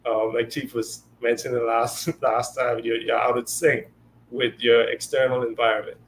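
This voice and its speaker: A man's voice: mid-range voice, little pitch movement, moderate pace, slight background noise. Male co-host, mid-range voice, easygoing chat that slips into quoted bits. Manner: conversational, lots of fillers and acted-out quotes. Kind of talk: casual spiritual discussion.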